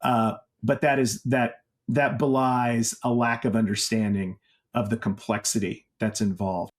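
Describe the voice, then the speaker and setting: A man's voice: mid-range voice, level tone, unhurried. A man speaking as an industry analyst in an interview, conversational and emphatic, with many fillers. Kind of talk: interview answers.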